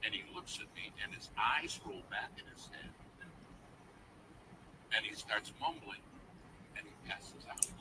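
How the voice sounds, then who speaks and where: A man's voice: on the low side, lively intonation, unhurried, pauses often, distant mic, noisy background. A man preaching a sermon through a dramatic personal story, dropping to a near whisper at the tense moments.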